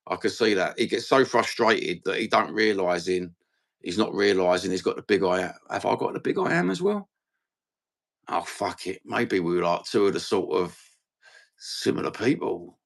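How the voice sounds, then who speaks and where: Blunt, gravelly Cockney man. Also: low voice, moderate pace. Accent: London Cockney. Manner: blunt, sweary, rambling. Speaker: fan channel host. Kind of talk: casual livestream chat.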